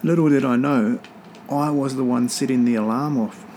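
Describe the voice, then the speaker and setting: A man's voice: medium pitch, moderate pace, a little mellow, a little hiss or hum. A man hosting a rugby podcast from home, talking in a rambling, offhand and profane way. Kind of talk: casual solo podcast chat. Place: home near an airport.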